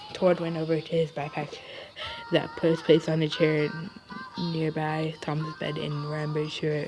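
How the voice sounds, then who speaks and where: A woman's voice: deep voice, rough recording. A woman reading fan fiction aloud on a livestream, hesitant, with many fillers and restarts. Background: background music.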